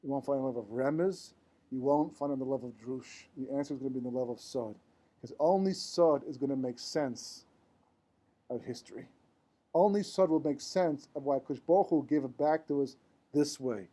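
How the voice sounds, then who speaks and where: A man with a mellow, medium-pitched voice speaks fairly quickly while teaching a live Torah class. It's a conversational, informal lecture where he weaves in Hebrew terms, asks rhetorical questions, and often checks with "right?"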